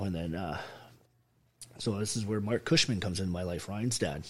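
Vet guy, swears a ton, blunt and punchy, lowish voice. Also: normal speed. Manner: blunt, heavily profane, emphatic. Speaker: guest, army veteran. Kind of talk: casual interview storytelling.

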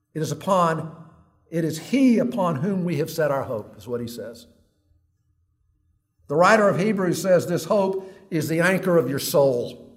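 A man preaching a sermon in an earnest way, reading long quotes aloud like a story and dropping low and quiet on heavy words.

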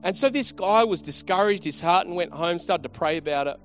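A man's voice: high-pitched, expressive, brisk, fairly bright tone. A man preaching a sermon, telling a story and then urging his listeners on with rising emphasis.

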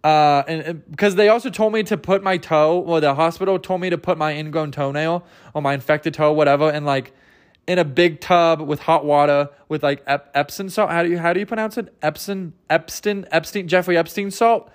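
High-voiced man rambling through a comic story. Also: a little fast, clean tone. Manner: rambling, self-mocking, acts out characters. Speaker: podcast host. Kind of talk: rambling comedic monologue.

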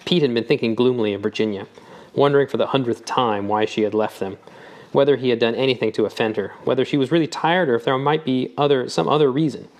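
A man narrating an audiobook with a measured, even reading. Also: mid-range voice.

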